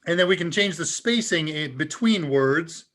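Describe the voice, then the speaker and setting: A man hosting a live tech Q&A, talking casually and chuckling as he demonstrates software. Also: a little high, animated, moderate pace. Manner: casual and upbeat, chuckles often. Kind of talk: live demo talk.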